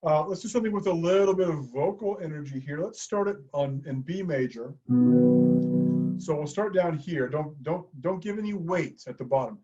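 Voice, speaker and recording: A man leading a choir through vocal warm-ups, coaching in a calm, encouraging way. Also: fairly high pitch, moderate pace, muffled recording, soft background music. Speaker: choir director.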